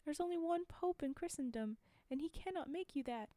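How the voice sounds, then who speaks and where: A woman's voice: sits high, lively intonation, brisk, warm tone, dry recording, pitched above the performer's own voice. A timid old fisherman, read by a woman. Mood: pleading. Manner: plain storybook reading.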